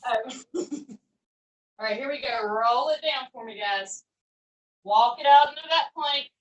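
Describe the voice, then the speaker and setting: A cheerful woman coaches a pilates session, cueing moves in a chatty, folksy way. Her voice sits a little high and lifts on her praise. The sound is roomy, picked up from a distance across an echoing space. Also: measured pace. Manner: upbeat, chatty, encouraging coaching with folksy phrases. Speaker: fitness instructor. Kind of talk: live online workout class cueing. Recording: echoey room, voice from far off.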